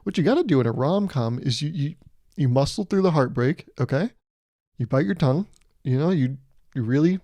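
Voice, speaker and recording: A man hosts his own comedy podcast in a loose, rambling monologue full of sarcasm and swearing. His voice is mellow and low in brightness. It sounds dry and close to the mic. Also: no room sound. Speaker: podcast host.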